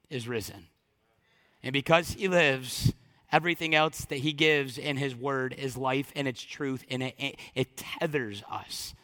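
A pastor preaching to his congregation, swinging from loud emphatic lines to hushed, slow ones. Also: on the high side, long reverb tail. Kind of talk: sermon.

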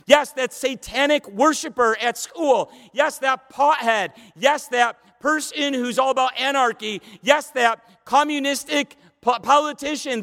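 A man preaching a sermon with emphatic repetition, rushing through asides and slowing down to proclaim key lines. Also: very high-pitched, fairly bright tone, long reverb tail.

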